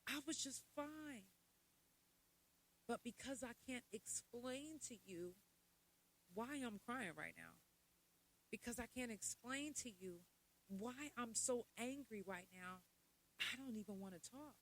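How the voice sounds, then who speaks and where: Bright-voiced woman talking candidly. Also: a little slow, low-quality recording. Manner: candid, animated, swings from loud laughing to low and quiet. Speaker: podcast host. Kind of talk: casual mental health talk.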